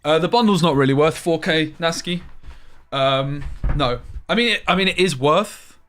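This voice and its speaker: A man's voice: fairly high pitch, moderate pace. Chatty man streaming a card game. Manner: chatty, talks to chat, bursts into loud exclamations. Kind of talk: casual live-stream commentary.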